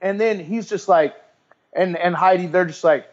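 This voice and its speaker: A man talking as a guest on a podcast about coaching clients, in an animated, rambling way that often repeats words. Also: high-pitched, moderate pace, muffled recording. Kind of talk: casual interview chat.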